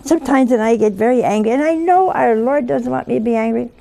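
A woman giving a Catholic homily, telling conversational stories with gentle humor. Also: fairly high pitch, fast talker, gravelly. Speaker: Catholic religious speaker. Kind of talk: homily with anecdotes.

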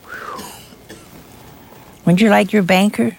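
Slow gravelly older woman preaching. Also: mid-range voice. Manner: animated storytelling, acting out quotes, rhetorical questions. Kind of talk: sermon.

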